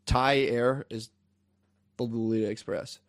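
A man's voice: medium pitch, steady tone, unhurried. A man in his forties co-hosting a comedy podcast, rambling through crude jokes and acting out quoted voices. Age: 40s.

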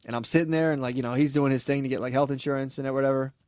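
A man's voice: mid-range voice, steady tone, racing, darkish tone, dry recording. A young man telling a wild story in casual podcast chat, rambling and profane, full of "like" and "dude".

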